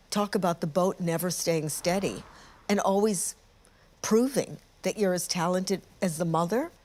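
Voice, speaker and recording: An older woman with a fairly low voice looks back on old interviews, candid and wry, poking fun at herself. She speaks plainly in a reflective, documentary way. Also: darkish tone. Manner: candid, wry, self-mocking. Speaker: presenter looking back on past interviews.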